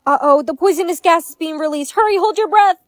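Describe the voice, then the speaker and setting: High tts woman voice, dry and close, flat synthetic read. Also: fast talker, no echo. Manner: synthetic, evenly paced reading. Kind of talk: text-to-speech storytime.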